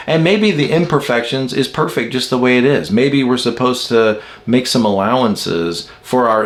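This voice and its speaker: A man giving a casual spoken lesson on personality types, musing aloud and asking rhetorical questions as he explains. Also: on the low side. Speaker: personality-type teacher.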